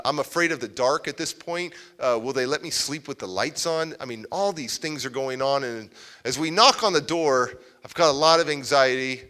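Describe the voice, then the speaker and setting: A male motivational speaker telling a story at a live event in a large hall. He has a bright, forceful voice and an animated way of talking. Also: medium pitch, clear, resonant tone. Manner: animated, acts out scenes. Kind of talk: storytelling keynote talk. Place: large civic center hall, live audience.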